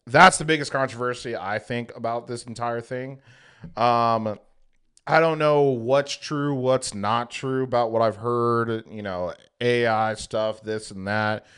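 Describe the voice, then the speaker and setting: A man's voice: mid-range voice, fairly even intonation, a little slow, fairly bright tone, clear, resonant tone. A young man co-hosting a podcast in casual chat, rambling with lots of fillers. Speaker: podcast co-host.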